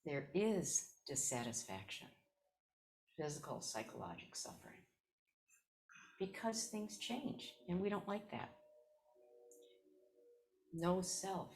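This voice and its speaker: Slow-spoken Zen teacher woman in her seventies. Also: fairly low pitch, expressive, darkish tone. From South Side of Chicago, USA. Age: 70s. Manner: unhurried personal storytelling, repeats key phrases. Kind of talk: dharma talk.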